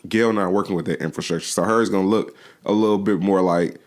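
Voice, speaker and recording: A man's voice: low voice, fairly even intonation, fast talker, darkish tone. A man co-hosting a podcast, talking in laid-back, slangy banter full of profanity. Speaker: podcast co-host. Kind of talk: casual chat.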